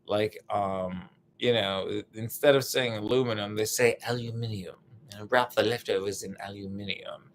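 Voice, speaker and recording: A young American man doing a rambling, profane stand-up bit, full of fillers and restarts, now and then bursting into loud put-on voices. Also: fairly low pitch, steady tone, normal speed, hardly any pauses, a little hiss or hum. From United States. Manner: meandering, profane, lots of fillers, sudden shouted bits. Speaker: stand-up comedian.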